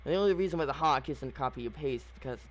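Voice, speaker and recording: A man's voice: mid-range voice, lively intonation, rapid-fire. A man giving casual, opinionated commentary on a video game, rambling with frequent fillers and restarts. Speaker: gaming channel host.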